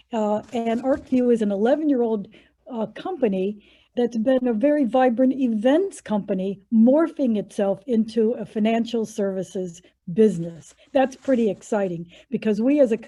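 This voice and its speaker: Moderator: enthusiastic woman, warm mellow tone, slightly higher pitch, lo-fi call sound. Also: normal speed. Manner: enthusiastic, upbeat. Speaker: panel moderator. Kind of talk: virtual panel introduction. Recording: dull lo-fi video call audio.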